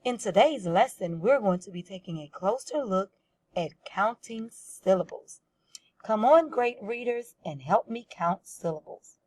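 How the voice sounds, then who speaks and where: A woman's voice: medium pitch, expressive, measured pace, a little mellow. A woman teaching a first-grade reading lesson, patiently sounding out words and guiding young children step by step.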